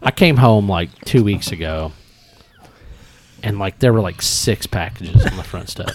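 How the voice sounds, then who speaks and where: A middle-aged man hosting a casual bourbon tasting podcast, rambling and animated with many fillers and restarts. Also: fairly low pitch, measured pace, slight background noise. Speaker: podcast host.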